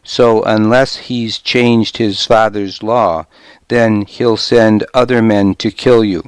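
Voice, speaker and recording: Audiobook noblewoman, defiant and bitter, sharp-tongued, voiced by a male narrator; low-pitched, clear, unhurried delivery. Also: fairly even intonation, no room sound. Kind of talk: audiobook character reading.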